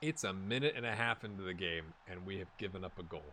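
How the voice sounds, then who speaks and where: A man casually commentating his own football management game, chatty and rambling, with excited bursts at goals. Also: sits low, fast talker, slight background noise. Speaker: gaming YouTuber. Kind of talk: casual let's-play commentary.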